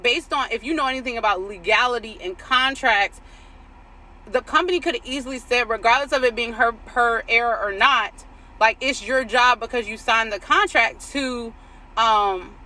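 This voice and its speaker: Bright-voiced woman in casual faith talk. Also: a little high, normal speed, rough recording. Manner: chatty, storytelling, frequent "like" and "right?". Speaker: faith coach. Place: outdoors. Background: passing vehicles.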